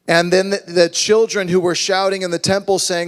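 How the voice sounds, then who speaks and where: Male pastor, slightly high voice, animated sermon delivery, long hall reverb. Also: normal speed. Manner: animated preaching, acts out voices.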